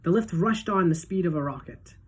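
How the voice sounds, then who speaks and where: A woman teacher reading a children's book aloud to a class, in a steady, clear storytelling manner. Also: lowish voice, fairly quick.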